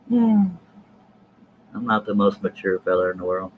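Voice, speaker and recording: Man, low-pitched, folksy joking stream host talking casually to chat, light room hiss. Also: level tone, fast talker, phone-quality sound. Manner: folksy, jokey, addresses chat viewers.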